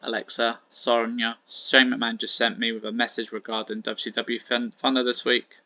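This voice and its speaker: A man's voice: mid-range voice, flat delivery, normal speed, bright, forceful tone, dry recording. Brief: businesslike woman agent, polite, a little awkward, read by a man, on a dry, dull track. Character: female wrestling agent, polite, professional, a bit awkward.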